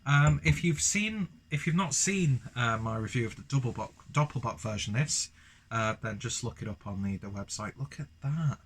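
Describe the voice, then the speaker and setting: A man's voice: medium pitch, lively intonation, normal speed, fairly bright tone, husky. A young man chatting through a beer review, rambling and self-deprecating, with lots of fillers. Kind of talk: casual beer review vlog.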